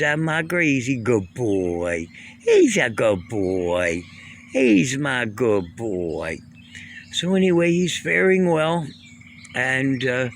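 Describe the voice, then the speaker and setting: A man in his sixties, talking in a halting, emotional, rambling way with many restarts and blunt swearing. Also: medium pitch, gravelly, a bit bright, slight background noise. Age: 60s. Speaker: vlogger. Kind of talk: rambling personal vlog.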